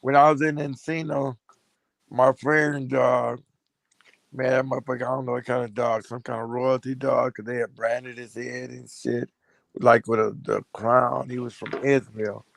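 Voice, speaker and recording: A man's voice: medium pitch, level tone, normal speed, gravelly, dry recording. A man telling stories in a loose, profane, laughing way during a casual chat.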